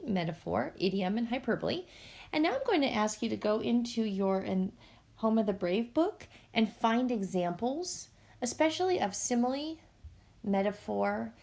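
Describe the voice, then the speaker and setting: A woman's voice: mid-range voice, gravelly, darkish tone. A woman teacher, explaining a lesson patiently and speaking directly to her students. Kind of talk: recorded classroom lesson. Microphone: tablet microphone.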